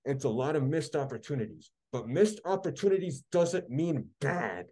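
A man's voice: mid-range voice, expressive, normal speed, dark tone, breathy edge. A man co-hosting a podcast, ranting in a heated, sarcastic way during casual chat. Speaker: podcast co-host.

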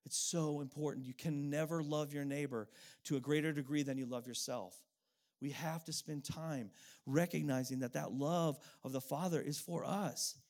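A middle-aged man preaching a sermon as a pastor, earnest and emotional, telling a personal story with pauses and repeated phrases. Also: on the high side, fairly even intonation, a little mellow.

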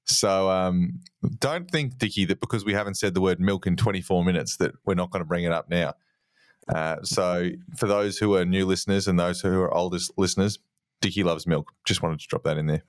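A man's voice: low-pitched, a little fast, no echo, studio quality. An Australian man co-hosting a podcast, telling rambling stories and ribbing his friends in casual banter. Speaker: podcast co-host.

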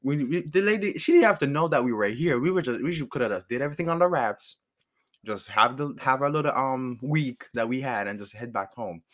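A man spinning a personal story in loose, casual chat. His voice sits at an ordinary middle pitch, and he talks in an animated, profane way that swings between exasperation and amusement. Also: a little fast. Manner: animated, profane, laughs often.

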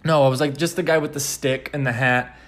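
A man's voice: medium pitch, steady tone, a little fast. A man hosting a podcast in casual chat, rambling with lots of fillers and swearing. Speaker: podcast host.

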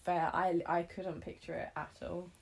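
A woman in casual chat, reacting with wry, expressive comments. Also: on the low side, moderate pace, creaky, breathy edge. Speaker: book podcast co-host.

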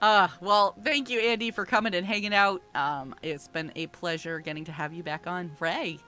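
A woman's voice: on the low side, steady tone, moderate pace, pushed and bright, faint music behind. A woman hosting a casual online stream, upbeat and giggly as she runs a giveaway. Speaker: host.

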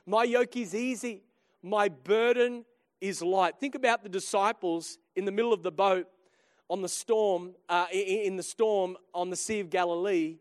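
A man preaching a sermon, telling a humorous family story with lively swings between quiet and loud. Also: high voice, no echo, clean studio sound. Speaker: pastor.

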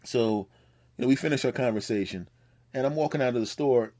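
A man's voice: mid-range voice, a little fast, darkish tone. A man hosting his own podcast, telling a personal story in a rambling, joking way, swearing freely and acting out what people said. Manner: rambling storytelling, acts out quotes, profane and joking. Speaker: podcast host. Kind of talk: casual monologue.

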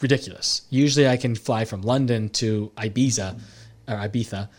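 A young American man chatting on a podcast, telling travel stories in an animated way and acting out the people he quotes. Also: on the low side, normal speed. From United States. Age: young adult. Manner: animated storyteller who acts out quoted people. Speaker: podcast guest. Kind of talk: casual chat.

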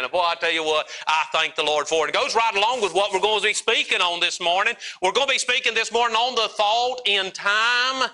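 A man's voice: high voice, a little fast, hardly any pauses, pushed and bright, poor audio. A man preaching a sermon at a church service, telling a down-home story in a folksy, earnest way.

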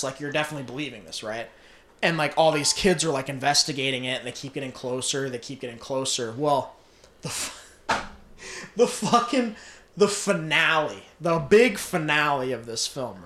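A young man casually retelling a film plot, swearing freely and laughing often. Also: mid-range voice. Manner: profane, laughing, animated storytelling. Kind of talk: casual movie recap. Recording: roomy echo.

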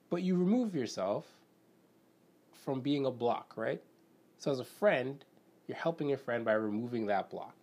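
A Canadian podcast host rambles through a casual solo self-help talk, his medium-pitched voice expressive, a little mellow, and unhurried, with long pauses. He leans on fillers and "right?", questions himself, and acts out what friends said.

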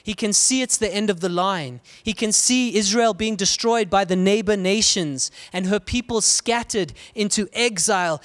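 High-voiced man preaching with rising cries. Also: moderate pace, hardly any pauses. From South Africa. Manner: dynamic preaching, swinging between loud cries and hushed lows. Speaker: pastor. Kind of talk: sermon.

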